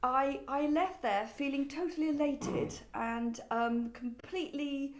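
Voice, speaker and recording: A woman who owns a shop, chatting expressively and often pausing on "um". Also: high-pitched, low-quality recording. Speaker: furniture shop owner and host. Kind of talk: casual chat. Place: in her shop.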